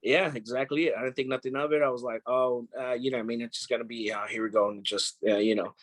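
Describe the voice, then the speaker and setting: A man's voice: medium pitch, fairly even intonation, fast talker, no echo. A man in a casual interview, talking in a rambling, profane way with many fillers. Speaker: DJ, guest.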